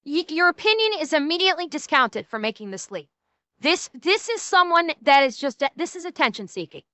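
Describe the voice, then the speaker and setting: Woman streamer, blunt, profane, high voice, crisp bright tone. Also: sing-song, brisk, no echo. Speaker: streamer reacting to clips. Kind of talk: casual reaction commentary.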